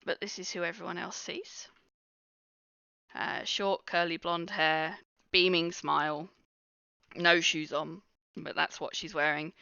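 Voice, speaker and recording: A woman's voice: lowish voice, unhurried, vocal fry, clear, resonant tone, no echo. Woman game master, muffled and dry. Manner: relaxed, filler-heavy description. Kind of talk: narrating a tabletop game.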